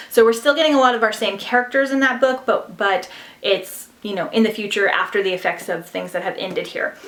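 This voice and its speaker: This book vlogger is a young woman with a medium-pitched, somewhat bright voice, gushing casually about audiobooks she's heard. Her review chat is full of fillers, and the room has a noticeable echo.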